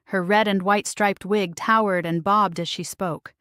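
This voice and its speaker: A woman's voice: medium pitch, steady tone, measured pace, a bit bright, clear, resonant tone, dry recording. Woman reading a novel aloud, dry sound. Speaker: audiobook narrator. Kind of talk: first-person novel reading.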